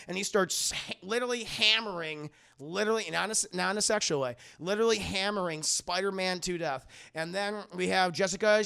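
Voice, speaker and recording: A man's voice: high-pitched, brisk, gravelly, hardly any pauses, bright, forceful tone, smooth. A man streaming live, recapping a film scene by scene in casual, profane chat and mocking the dialogue in silly voices.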